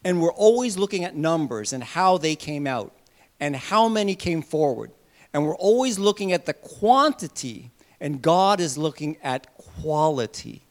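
Pastor, male, slightly high voice, animated sermon delivery, loud bursts and soft asides. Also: a little slow.

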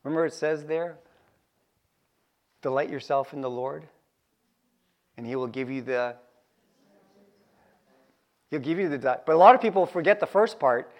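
A man preaching a sermon to his congregation, lively and jokey, repeating key phrases for emphasis. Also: fairly high pitch, normal speed, pauses often. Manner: animated, joking asides, repeats key phrases. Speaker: pastor.

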